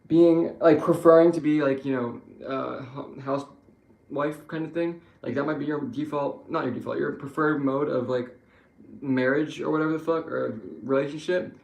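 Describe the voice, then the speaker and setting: Young male streamer, gravelly voice, roomy echo, profane rambling rant with constant restarts. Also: fairly high pitch, darkish tone. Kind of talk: casual rambling political rant.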